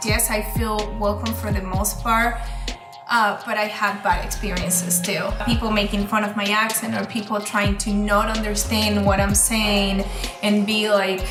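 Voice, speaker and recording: A woman interviewee sharing her personal story, hesitant and pausing often with fillers. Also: medium pitch, level tone. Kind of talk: personal testimony. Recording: distant echoey mic under loud music.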